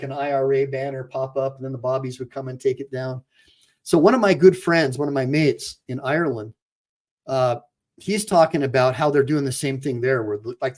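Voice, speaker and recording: Heated male attorney, slightly high voice. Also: a little mellow. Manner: heated and emphatic, with frequent restarts. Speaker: attorney hosting a reaction channel. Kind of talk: opinionated reaction commentary.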